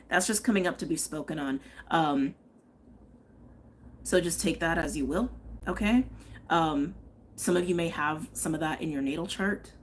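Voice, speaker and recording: Woman, tarot reader, lowish voice, chatty live-stream talk, faint background hiss. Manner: chatty, thinks aloud, frequent "okay?" and "um".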